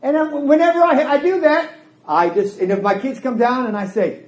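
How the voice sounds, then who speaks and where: High-voiced man preaching in an echoey hall. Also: normal speed, highs cut off. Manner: emphatic, folksy, quotes dialogue in character voices. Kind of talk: sermon.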